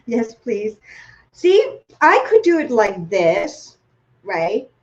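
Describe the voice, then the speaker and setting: A woman's voice: a little high, wildly swooping pitch, takes it slowly, dull audio. Chatty Thai-accented woman teaching cooking. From Thailand. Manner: chatty, playful, talks to viewers with questions. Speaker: cooking class host. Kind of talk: live online cooking demonstration.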